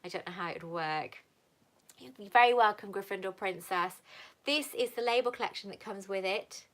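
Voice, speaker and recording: A woman in her thirties from Wales, hosting a casual live Q&A and chatting warmly with viewers, calling them "lover" and "sweetheart". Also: mid-range voice, normal speed. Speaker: livestream host answering viewer questions.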